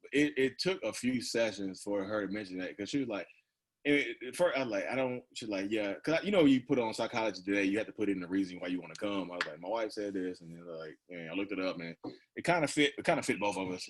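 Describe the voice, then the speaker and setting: With a lowish, breathy-edged voice, a man in his thirties rambles as a podcast guest, telling stories in a relaxed, chatty way. He leans heavily on "like" and "you know" and laughs a lot.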